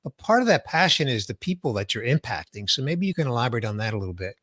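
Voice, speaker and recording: A man's voice: medium pitch, very animated, quick pace, a bit bright, dry recording, clean studio sound. A man hosting a podcast interview, asking probing questions in an encouraging, conversational way. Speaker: podcast host.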